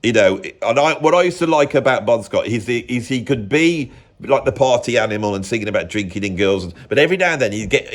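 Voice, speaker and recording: An English man holding forth on music in a loose, rambling monologue. He doubles back on himself and cuts off his own sentences, sure of his opinions. His voice sits at a middling pitch for a man. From England. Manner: rambling, self-interrupting, opinionated. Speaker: music commentator.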